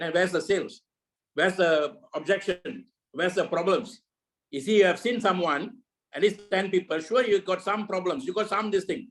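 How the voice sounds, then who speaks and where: A man's voice: sits high, moderate pace, a bit bright, low-quality recording. A man leading a network marketing meeting over a video call, giving a preachy motivational talk full of repeated rhetorical questions.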